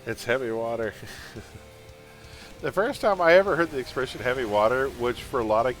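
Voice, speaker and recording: A man's voice: medium pitch, brisk, music in the background. A man chatting casually while live-streaming a game, laughing often and drifting into pop-culture tangents.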